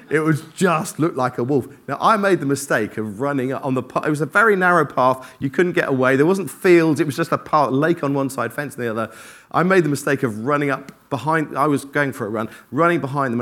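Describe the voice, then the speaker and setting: A man preaches to a congregation in a church, mixing scripture with personal anecdotes. He talks in an animated, self-deprecating way, often jumping into the voices of his own inner thoughts. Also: medium pitch. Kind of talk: informal sermon with personal stories.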